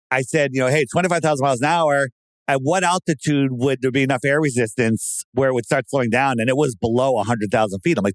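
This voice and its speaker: A man talking casually and sarcastically, who often breaks into loud mocking impressions of other people. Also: mid-range voice, no echo. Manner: animated, sarcastic, mimics voices loudly. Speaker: podcast guest. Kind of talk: casual conspiracy talk.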